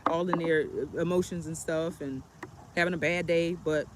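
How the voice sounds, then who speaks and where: A woman's voice: on the low side, level tone, normal speed, background noise. A woman chatting casually on a storytime livestream, rambling with many fillers while sitting on a bench outdoors. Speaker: travel vlogger.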